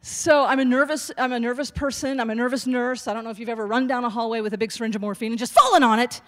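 A woman's voice: on the high side, steady tone, a little fast, pauses often, a bit bright. Chatty woman in her sixties doing stand-up. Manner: chatty, self-deprecating, talks to the audience. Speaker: stand-up comic and nurse. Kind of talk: stand-up comedy.

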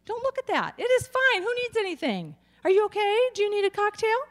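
A bright, chirpy older mother, pitched high and always in denial, as a woman puts her on. She squeals cheerful reassurances and offers snacks, breezing past any trouble. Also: sing-song, brisk, full character voice. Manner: shrill, chirpy, brushing off disaster.

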